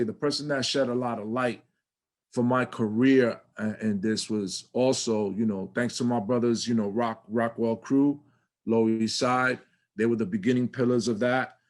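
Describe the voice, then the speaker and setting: A man's voice: medium pitch, moderate pace. A middle-aged man from New York City with a New York accent, telling stories animatedly in a casual interview and swearing freely. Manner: animated, swears freely, acts out his younger self. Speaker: guest.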